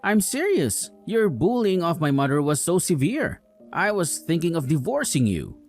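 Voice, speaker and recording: A woman's voice: fairly low pitch, sing-song, moderate pace, a little mellow, soft background music. A woman voicing a young, hot-tempered husband loyal to his mother, talking in an accusing, scolding way. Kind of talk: dramatized story dialogue.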